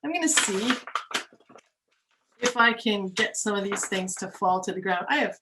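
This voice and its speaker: A young woman reading a picture book aloud to children, animated, with gasps, laughs and questions to her listeners. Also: mid-range voice, normal speed, background noise. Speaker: museum educator reading to children. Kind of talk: storytime read-aloud.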